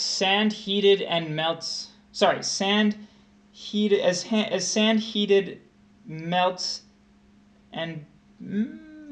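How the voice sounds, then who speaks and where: A man's voice: sits high, a bit bright. Young man tutoring aloud, talking it through. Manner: conversational, thinks aloud with restarts and rereads. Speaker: test prep tutor. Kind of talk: livestreamed grammar lesson.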